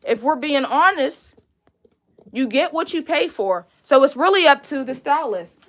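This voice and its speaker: Chatty high-voiced woman teaching braids. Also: expressive, measured pace, fairly bright tone. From Pittsburgh, USA. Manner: chatty, reads and answers viewer comments, laughs easily. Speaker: braiding instructor hosting a live stream. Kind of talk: casual live-stream tutorial.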